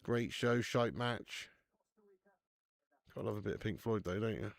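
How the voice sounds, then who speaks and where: A man's voice: fairly low pitch, measured pace, creaky, dry recording. A man hosting a live football watch-along stream, chatting casually with viewers, laughing often and swearing freely.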